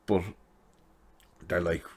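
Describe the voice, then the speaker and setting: A man giving a chatty, sarcastic recap of a TV episode, laughing at his own jokes. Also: very slow. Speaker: TV episode reviewer.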